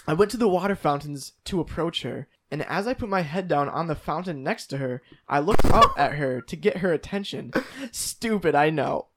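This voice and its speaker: A man's voice: a little high, animated, moderate pace, a little hiss or hum. Man reading posts aloud with playful outbursts. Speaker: podcast co-host reading listener posts. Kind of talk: casual comedic chat, reading aloud.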